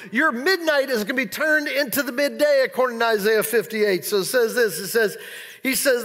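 A man preaching a sermon as pastor, animated and playful, acting out excited exclamations. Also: very high voice, a little fast, big-room sound. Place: large church hall.

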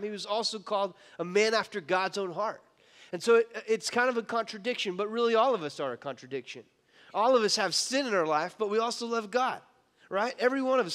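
A man's voice: sits high, fairly bright tone, big-room sound. A man preaching a sermon as pastor, casual and joking, acting out the people in his story. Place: church hall.

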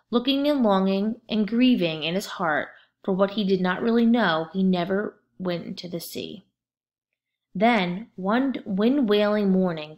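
A woman narrating a children's storybook aloud in a steady, expressive way. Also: mid-range voice.

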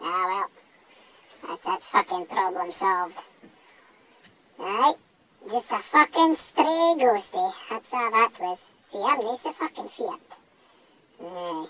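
A man voicing a small, cocky, foul-mouthed male dog with a northeast Scottish accent, speaking in a high squeaky voice. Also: lively intonation, takes it slowly, long pauses, pushed and bright, a little hiss or hum, exaggerated voice, low-quality recording. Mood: relieved. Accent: Scottish (northeast, Doric). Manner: sweary, blustering tough talk.

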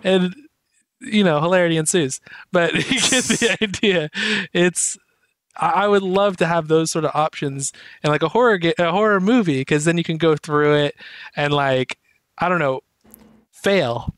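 A man co-hosting a gaming podcast in casual chat, an animated storyteller who laughs often. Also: a little high, moderate pace, dry recording. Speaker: podcast co-host.

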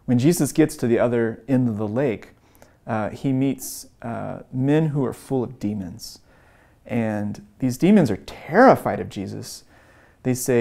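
Animated and unhurried, this man's mid-range voice is creaky and mellow. He's teaching an evangelism course through earnest retold stories, dropping frequent ums and uhs and raising his voice to perform quoted lines.

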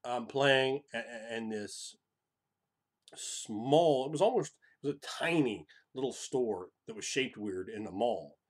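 A man hosting a tabletop role-playing channel, talking in a profane, animated monologue that swings from loud bursts to hushed whispers. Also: mid-range voice, measured pace. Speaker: tabletop RPG channel host. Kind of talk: excited casual monologue.

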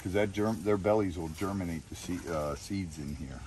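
A man's voice: low voice, normal speed, noisy background. A man vlogging while feeding animals outdoors, chatty and coaxing with them. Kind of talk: casual vlog chat.

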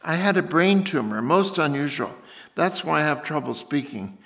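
Man voicing a German doctor, middle-aged, blunt, solemn, halting broken English, slightly raised pitch. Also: lively intonation, fairly bright tone. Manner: halting speech with slips and broken grammar.

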